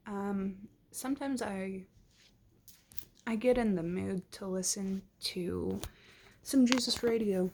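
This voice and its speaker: A woman's voice: medium pitch, a little mellow, slight background noise. A woman vlogging casually to camera, reflective and candid, with a fresh-from-sleep morning voice. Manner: slow, reflective, casual with swearing.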